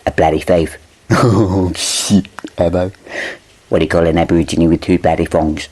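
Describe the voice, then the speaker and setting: A drunk Australian man with a fairly low voice fires off crude pub jokes. He swears often and fumbles the setups before getting to the punchline. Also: fairly even intonation, moderate pace, darkish tone. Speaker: comedy podcast joke teller. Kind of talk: crude pub-style joke telling.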